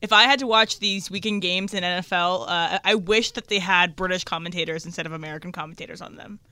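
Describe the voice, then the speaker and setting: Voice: medium pitch, fairly even intonation, quick pace, bright, forceful tone, clear, resonant tone, no echo. A co-host on a casual chat show, telling rambling, easygoing stories. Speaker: podcast co-host.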